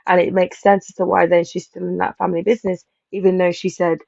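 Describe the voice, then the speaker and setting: Brief: woman panel host, casual review chat, rambling and animated, gravelly, lo-fi mic. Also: fairly low pitch, fast talker, dry recording. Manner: animated, rambling, laughs while acting out quotes. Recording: slightly dull lo-fi mic.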